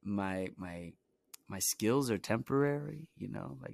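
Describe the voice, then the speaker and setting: A man's voice: on the low side, expressive, a little slow, vocal fry, a little mellow, dry recording. A young man from Brooklyn, New York, telling stories from his own life in a loose, rambling way, with plenty of "you know" and "like" fillers. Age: young adult. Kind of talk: casual storytelling.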